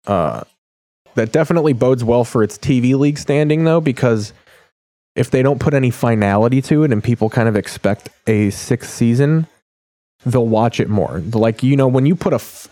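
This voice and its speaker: A podcast host with a warm, medium-pitched voice chats loosely and jokingly while channel surfing, rambling and swearing as he goes. The recording has no echo.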